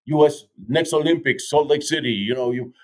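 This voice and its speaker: A man's voice: fairly high pitch, brisk, a little mellow, close to an everyday voice. A man voicing his blunt, persistent older Austrian luge coach with an Austrian accent. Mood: insistent.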